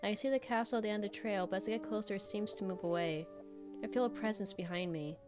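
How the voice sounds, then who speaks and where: A woman streamer reading a visual novel aloud, cutting in with blunt, animated reactions between calm passages. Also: medium pitch, fast, over music.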